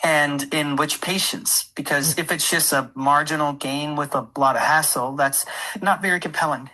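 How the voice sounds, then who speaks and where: AI voice as a low-pitched, bright-toned skeptical woman neurologist, blunt and in a hurry. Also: steady tone, moderate pace, poor audio. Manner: blunt, probing questions. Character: brisk female neurologist, busy and skeptical. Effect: AI voice assistant.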